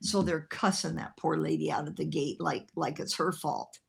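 A woman minister telling an animated personal story in a sermon, laughing as she talks. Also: low-pitched, moderate pace, creaky, husky.

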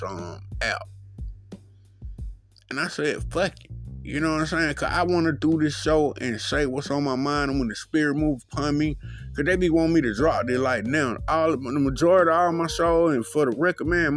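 A man hosting his own solo podcast, talking in a profane, rambling, loose way with lots of fillers. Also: mid-range voice. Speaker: podcast host.

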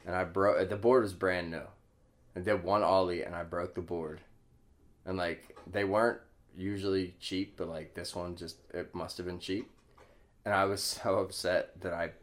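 A young man casually telling his life story as a podcast guest, laughing often and swearing freely. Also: sits low.

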